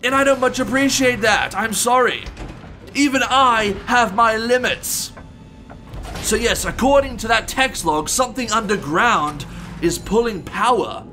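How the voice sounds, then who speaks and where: Toy bear gentleman, played by a man: high, sharp, exclamatory and fussy, a let's-play host in character. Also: a little slow, faint music behind, full character voice. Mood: chatty. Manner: exclamatory, fussy, addresses people as sir. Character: polite gentleman toy bear animatronic, tea-loving. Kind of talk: gameplay commentary in character.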